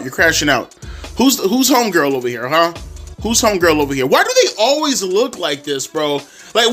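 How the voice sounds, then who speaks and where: A man ranting and mocking loudly in a profane reaction commentary. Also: sits high. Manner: loud, profane, mocking and animated. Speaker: reaction video creator.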